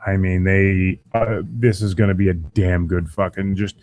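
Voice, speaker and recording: A man's voice: low-pitched, level tone, moderate pace, a little mellow, slight background noise, low-quality recording. A young man hosting a casual show, ranting bluntly with lots of swearing while losing his voice. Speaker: show host. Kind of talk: profane casual rant to a live audience.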